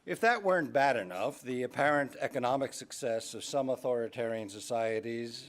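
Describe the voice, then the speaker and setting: A middle-aged man giving a keynote speech at an awards dinner, halting with fillers and restarts before finding his stride. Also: mid-range voice. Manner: hesitant, many fillers and restarts. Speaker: keynote speaker. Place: banquet hall.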